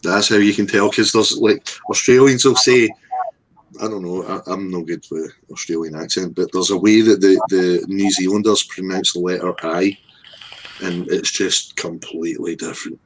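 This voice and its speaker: Low-voiced man in profane banter. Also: steady tone, moderate pace, low-quality recording. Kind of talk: casual chat.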